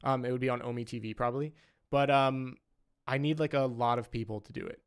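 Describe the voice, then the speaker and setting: Speaking fairly quickly in a steady, clean, mid-range tone, this young man chats on his livestream as a saxophonist. His talk rambles, thick with "like" and "um."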